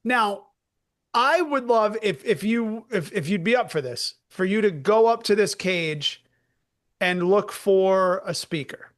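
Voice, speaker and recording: A man's voice: high voice, lively intonation, measured pace. A man with a New England accent co-hosting a podcast, questioning with wry skepticism. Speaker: podcast co-host. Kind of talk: casual chat.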